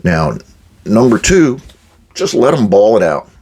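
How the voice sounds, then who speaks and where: Blunt older man, low husky voice. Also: sing-song, unhurried, a little mellow. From United States. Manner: blunt, direct, plainspoken; acts out quoted exchanges with workers. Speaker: podcast host giving management advice. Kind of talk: blunt advice monologue.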